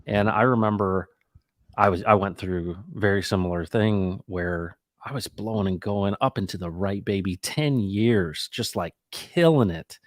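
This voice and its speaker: A middle-aged man hosting a casual talk, reflective and animated, acting out the people in his stories. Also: lowish voice, measured pace, no room sound, studio quality. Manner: animated, acts out quoted dialogue; reflective, faith-minded musing. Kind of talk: casual conversational storytelling.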